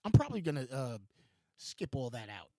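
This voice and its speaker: A man's voice: medium pitch, sing-song, a little fast, darkish tone, dry recording. A man with a Los Angeles accent hosting a rambling solo talk show at his home computer, meandering, interrupting himself, swearing casually and laughing often. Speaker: podcast host.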